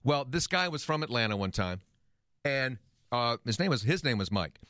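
A man on a radio talk show with a bright, forceful voice that swings widely in pitch. He tells a running joke and plays out both sides of the exchange. The sound is dry and close to the mic. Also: normal speed, dry recording. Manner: lively, jokey, acts out quoted dialogue. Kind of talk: casual chat.

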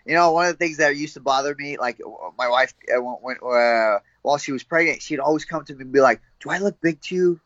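A young man being interviewed as a fighter, laughing often and telling animated stories with quoted voices. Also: medium pitch, quick pace, hardly any pauses, dry recording, highs cut off. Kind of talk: casual interview chat.

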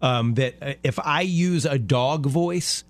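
A man's voice: medium pitch, slow, no echo, faint music behind. A man co-hosting a radio show in casual chat, joking and laughing often. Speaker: radio co-host.

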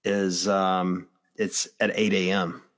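Man, lowish voice, easygoing co-host, talks in loose rambling hedges. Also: little pitch movement, slow. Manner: rambling, hedging, many fillers. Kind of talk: casual chat.

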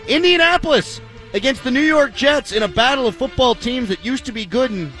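A man's voice: extremely high pitch, lively intonation, fairly quick, fairly bright tone, soft background music. A male radio host picking football games with wry, enthusiastic commentary. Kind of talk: sports talk radio.

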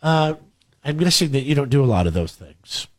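A man's voice: mid-range voice, very animated, normal speed. A man in casual banter as a co-host, teasing and asking probing questions.

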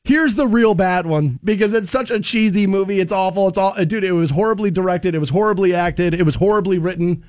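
A man hosting a rock radio show, telling stories loudly and laughing at himself between promo reads. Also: high voice, a little fast, few pauses, no echo. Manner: animated, shouting storyteller who laughs at himself. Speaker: radio morning show host. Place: radio studio.

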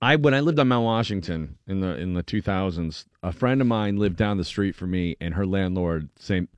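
A man hosting a radio morning show, telling a story with lively banter and acting out the voices of the people in it. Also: sits low, moderate pace, smooth, no room sound, lo-fi sound. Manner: animated, acts out voices in his stories.

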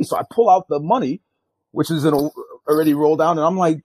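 Older man, guest storyteller, husky, dark, dry close sound, animated profane retelling. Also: quick pace, no room sound. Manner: animated, jumps loud and high acting out quotes; profane, street-style speech. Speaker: guest, retired drug agent. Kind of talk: storytelling in a podcast interview.

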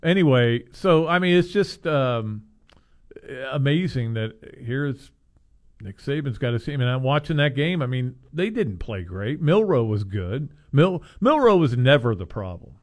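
A man's voice: medium pitch, sing-song, a little slow. A man co-hosting a sports talk show, rambling casually and chuckling as he interrupts himself. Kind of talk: casual sports radio chat.

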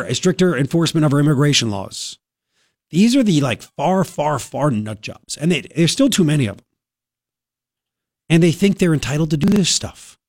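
A man hosting a talk radio program, his voice a bit higher than most men's. He rants with biting sarcasm and indignation. The studio mic sounds close and dry, with no room around it. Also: dry recording. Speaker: radio talk show host. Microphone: studio microphone.

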